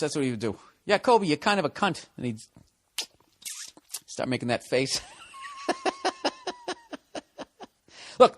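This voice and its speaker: A man's voice: medium pitch, fairly bright tone. A man ranting profanely and sarcastically in a monologue, mocking people with put-on quotes. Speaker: podcast host.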